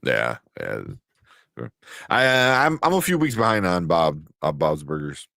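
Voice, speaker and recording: A man with a low voice co-hosts a casual chat. His pitch swings up and down as he talks, and he laughs and restarts his sentences. The sound is dry and close. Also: very animated, unhurried, creaky, sharp tone, no echo. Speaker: co-host.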